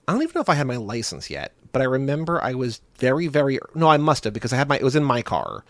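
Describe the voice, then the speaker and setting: Fast-talking young podcast man. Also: medium pitch, very animated, no echo. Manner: rambling with many "like" fillers. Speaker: podcast co-host. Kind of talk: casual chat.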